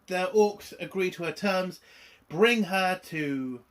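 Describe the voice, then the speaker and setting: A man's voice: high voice, takes it slowly. A man giving a casual spoken review of a TV episode, exasperated and sarcastic, swearing often.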